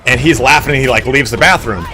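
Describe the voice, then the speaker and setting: A young man's mid-range voice moves at a quick pace as he games on stream and shares a crude story. He's animated, voicing the characters himself, and there's slight background noise.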